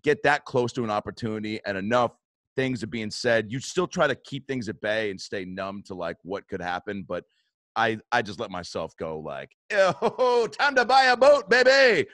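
A man's voice: fairly low pitch, moderate pace, fairly bright tone, dry recording. A man hosting a podcast, telling a story casually, swearing often and acting out what people said with bursts of laughter. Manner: swears a lot, acts out quotes, laughs often. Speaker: podcast host.

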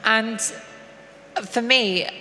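On stage at a live event, a female activist and guest speaks earnestly in a fairly high, sharp voice, halting and restarting her sentences often. The recording has a long hall reverb and faint noise.

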